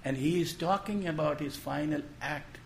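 A man preaching a sermon in a gentle storytelling way, posing questions and then dropping his voice to make a point. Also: on the high side, normal speed, gravelly, slight background noise. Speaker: pastor.

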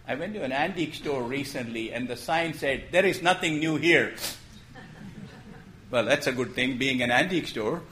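A man preaching a sermon in a gentle storytelling way, posing questions and then dropping his voice to make a point. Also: medium pitch, fairly quick, few pauses, a little hiss or hum. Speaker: pastor.

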